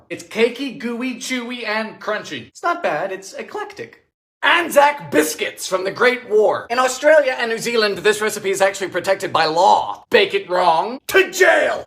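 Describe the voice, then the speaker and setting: A young man hosting a home baking video, telling dry jokes between recipe steps and breaking into sudden loud outbursts. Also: sits high, sing-song, moderate pace. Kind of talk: comedic cooking narration. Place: home kitchen.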